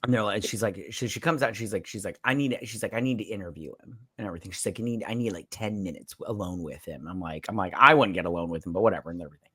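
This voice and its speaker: A man's voice: on the low side, racing, slightly rough, no echo. A man hosting a casual drunk movie review podcast, retelling scenes and acting them out. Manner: animated retelling, acts out scenes. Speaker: podcast host.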